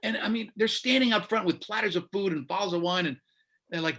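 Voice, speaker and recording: A man's voice: high-pitched, fast talker. A man, a radio host, telling a story in casual conversation and acting out the people he quotes. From United States. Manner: animated, acts out quoted voices. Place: Florida.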